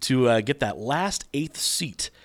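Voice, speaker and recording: A man's voice: mid-range voice, expressive, slow pace. Rambling, teasing American man on a podcast. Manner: rambling, teasing, many fillers and restarts. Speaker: podcast co-host and competition organizer. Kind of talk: casual podcast chat.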